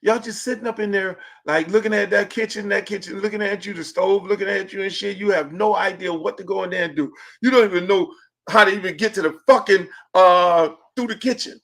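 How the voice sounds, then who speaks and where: A middle-aged man with a Miami accent hosting a casual livestream podcast, profane and joking, swinging between booming and hushed talk. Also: fairly even intonation, brisk. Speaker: podcast host.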